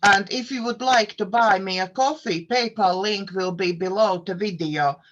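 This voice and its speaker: A woman host with a foreign accent, a non-native English speaker, introducing and hosting an interview in a careful, halting way. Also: medium pitch, a bit bright, lo-fi sound. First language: not English. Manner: careful, slow, halting wording. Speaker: host and coach therapist.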